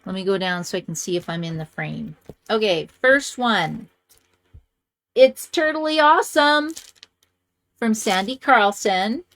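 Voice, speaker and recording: Woman, craft video host, casual chat, gushing and chatty, middle pitch. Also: normal speed, a bit bright. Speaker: card-making video host. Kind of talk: casual chat showing cards to camera.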